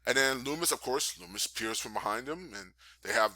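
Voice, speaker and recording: A man casually recapping a wrestling show, animatedly acting out scenes with high yelps. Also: animated, brisk, bright, forceful tone, no echo. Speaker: podcast host reviewing wrestling.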